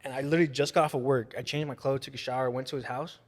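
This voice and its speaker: Party and fight stories pour out of a young male podcast guest, full of profanity and acted-out quotes. His voice is mid-range and rapid-fire, and the delivery is animated, heard through long room reverb in this casual storytelling.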